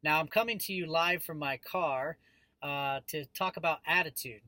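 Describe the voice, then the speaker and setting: Bright, lively man vlogging from his car. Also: fairly high pitch, normal speed, dry recording, poor audio. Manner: animated storytelling, frequent fillers. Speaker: vlog host. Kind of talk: casual vlog monologue. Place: parked car.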